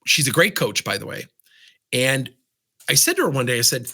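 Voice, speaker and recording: Energetic male coach, lively swooping delivery, slightly husky tone. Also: medium pitch, normal speed. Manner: animated, asks rhetorical questions. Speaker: business coach. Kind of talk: lively coaching talk to camera.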